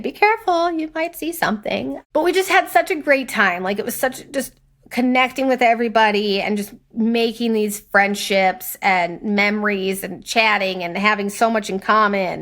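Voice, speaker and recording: A young woman co-hosting a podcast, telling a story in casual chat, animated and profane, acting out other people's lines. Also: on the high side. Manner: animated, swearing, acts out quoted voices. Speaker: podcast co-host.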